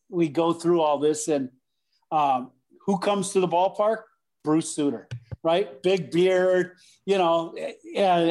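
Middle-aged man telling a baseball story. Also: high-pitched. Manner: animated, acts out voices in anecdotes. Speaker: former pro baseball player, guest. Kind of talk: casual storytelling.

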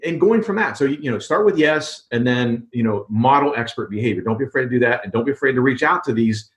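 A man's voice: mid-range voice, animated, quick pace, a bit bright. A man in a casual interview, telling a story conversationally and checking in with "right?" and "you know". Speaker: podcast guest.

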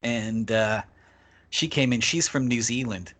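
Animated man telling a story. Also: mid-range voice, unhurried. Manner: animated, swears freely, acts out quoted voices. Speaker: podcast guest. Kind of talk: casual storytelling.

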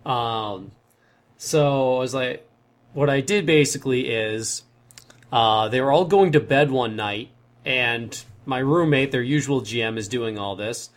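A man's voice: mid-range voice, measured pace. A young man in casual chat, telling a long story in a rambling way and correcting himself as he goes.

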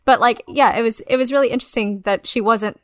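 A woman's voice: a little high, fast, dry recording. A woman co-hosting a podcast, chatting casually and animatedly, swearing and laughing often. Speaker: podcast co-host. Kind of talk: casual chat.

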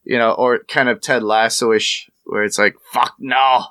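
A man's voice: fairly low pitch, level tone, normal speed, bright, forceful tone, clean tone, no echo, studio quality. A man chatting casually on a podcast, explaining things in an easygoing way and swearing freely.

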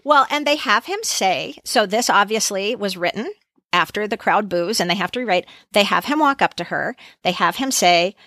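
A woman's voice: medium pitch, lively intonation, moderate pace, sharp tone, dry recording, clean studio sound. A woman hosting a casual movie podcast, animatedly retelling scenes for her co-hosts. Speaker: podcast host.

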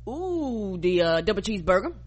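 A woman's voice: medium pitch, big pitch swings, normal speed. A woman co-hosting a podcast in casual chat, teasing and laughing often. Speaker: podcast co-host.

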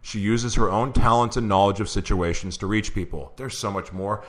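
A man hosting a live-streamed show, chatting casually, laughing often and reading an introduction aloud, with a voice that is going hoarse. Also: on the low side, normal speed. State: losing his voice. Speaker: show host.

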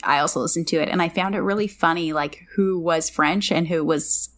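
A woman's voice: on the low side, brisk, fairly bright tone. A woman from Canada co-hosting a casual book discussion, chatty and often searching for words with lots of fillers. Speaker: book club podcast co-host.

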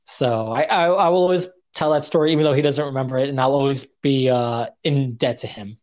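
A man's voice: mid-range voice, fairly quick, a little mellow. A young man spins long casual stories as a podcast guest. He talks in a mid-range voice, rambling and self-deprecating, stumbling through restarts and filler words. He comes across as easygoing and chatty. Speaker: guest, indie wrestler. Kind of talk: casual storytelling interview.

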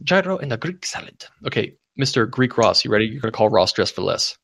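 A man hosting a prank-call show, talking fast and teasing, with profanity. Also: mid-range voice, very animated, fairly bright tone, no echo. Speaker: host. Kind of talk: casual chat.

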